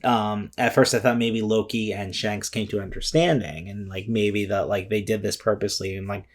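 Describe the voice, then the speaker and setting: A man's voice: fairly low pitch, steady tone, normal speed. A man vlogging casual commentary in a rambling, emotional way, with many fillers, restarts and some swearing. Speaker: vlogger reviewing a comic chapter.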